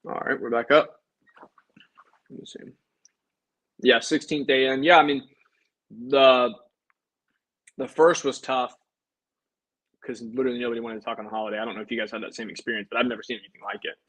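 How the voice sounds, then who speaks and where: A man's voice: medium pitch, fairly even intonation, a little fast, pauses often, fairly bright tone, rough recording. A young man, an insurance sales agent, chatting casually with a livestream audience between phone calls to prospects. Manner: chatty, upbeat, talks to viewers and then dials prospects.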